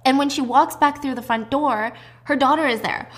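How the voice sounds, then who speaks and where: A woman's voice: sits high, moderate pace, few pauses. A woman recapping a drama in a casual, chatty way, with emphatic asides.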